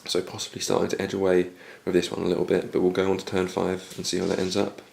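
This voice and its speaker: Very deep gravelly man, losing his voice. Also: fast, a little hiss or hum. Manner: steady recap of dice results. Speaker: wargame player narrating his turn. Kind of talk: casual battle report commentary.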